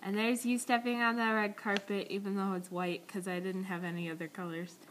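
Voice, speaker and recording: A woman's voice: medium pitch, flat delivery, fairly quick, fairly bright tone, slight background noise. A young woman chatting in a casual video message to friends. She talks in a rambling, giggly, awkward way, recorded on a tablet's built-in mic. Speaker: vlogger.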